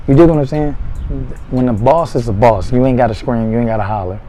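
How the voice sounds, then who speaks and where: A man's voice: mid-range voice, fast talker, dark tone, slight background noise, rough recording. A man giving blunt, profane dating advice in a casual monologue, full of streetwise slang.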